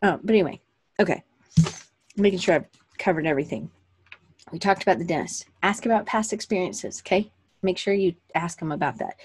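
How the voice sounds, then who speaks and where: A woman's voice: on the low side, lively intonation, a little fast, long pauses, husky. A woman hosting a live online session, talking casually in a chatty, rambling way with many fillers and self-corrections. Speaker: host of a live online session for creative business owners. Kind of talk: casual livestream talk.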